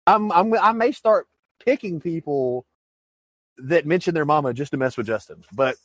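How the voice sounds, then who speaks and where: A man co-hosting a casual podcast, his voice sitting a little higher than most. He jokes and rambles, stumbling over and repeating his first words. The sound is dry and close, with no room around him. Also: expressive, moderate pace, no echo. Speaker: podcast co-host. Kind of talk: casual chat.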